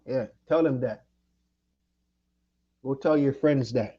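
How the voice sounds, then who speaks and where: A man's voice: mid-range voice, takes it slowly, slightly rough, dull audio. A man from Jamaica ranting angrily and profanely at someone during his livestream. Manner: angry, profane, confrontational. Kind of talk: heated livestream rant.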